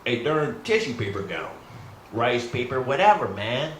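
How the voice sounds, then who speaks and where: A man's voice: mid-range voice, very animated, normal speed. A middle-aged man rehearsing stand-up comedy in a rambling, self-deprecating way, often calling out to the folks. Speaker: new stand-up comic. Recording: roomy echo, faint hum.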